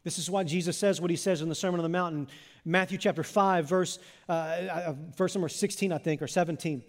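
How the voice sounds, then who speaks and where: A male pastor preaching a sermon in a conversational way, repeating phrases for emphasis and often dropping to a soft, low voice. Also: steady tone, brisk. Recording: long reverb of a large hall.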